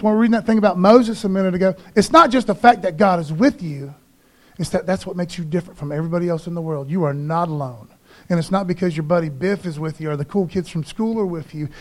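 A man preaching a sermon in church, casual and animated, often calling listeners "man.". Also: high voice.

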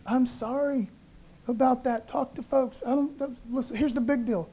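Man preaching, high voice, fervent and emphatic, casual asides, pastor at the pulpit. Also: steady tone, normal speed, warm tone, husky. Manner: fervent, emphatic, calls out to the congregation; conversational, peppers speech with "man". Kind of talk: Easter sermon.

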